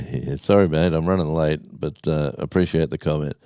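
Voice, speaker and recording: A man's voice: extremely low pitch, normal speed, warm tone, smooth, dry recording. A man hosting a live stream, telling a rambling story in casual chat and reading out names from the chat. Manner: rambling storyteller, reads chat names aloud, says mate.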